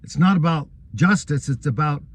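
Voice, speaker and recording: A man's voice: on the high side, animated, normal speed, husky. An earnest, aggrieved man recounting events. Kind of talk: first-person account of a court case.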